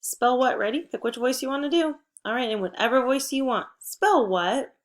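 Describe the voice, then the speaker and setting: A woman teacher with a high voice and moderate pace leads a spelling and phonics lesson for first graders. She is patient and encouraging, prompting the children with clear cues.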